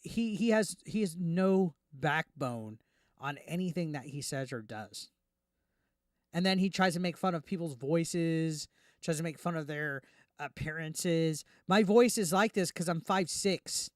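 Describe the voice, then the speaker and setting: Smooth-voiced man ranting indignantly. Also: fairly high pitch, expressive, no room sound, clean studio sound. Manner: heated, indignant, fast with repeated restarts. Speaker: YouTube commentary host. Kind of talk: ranting reaction commentary.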